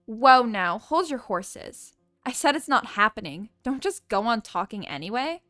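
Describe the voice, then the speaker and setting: A woman's voice: a little high, big pitch swings, measured pace, pushed and bright, no room sound, clean studio sound, faint music behind, heavily acted. A woman voicing a snobby, selfish teenage schoolgirl in a game, with a mocking valley-girl sneer.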